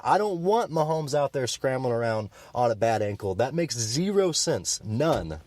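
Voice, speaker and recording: A man's voice: mid-range voice, big pitch swings, normal speed, few pauses, darkish tone, no echo. A man co-hosting a sports podcast, fired up and emphatic as he argues his opinions. His voice sits in an ordinary middle range, and the recording is dry and close with no room sound. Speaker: podcast co-host.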